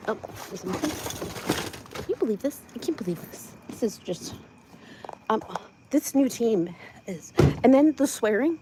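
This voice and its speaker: A woman's voice: on the high side, expressive, measured pace, pauses often, noisy background. A woman from Ohio giving rambling comedic commentary outdoors at her home, giggly and stammering.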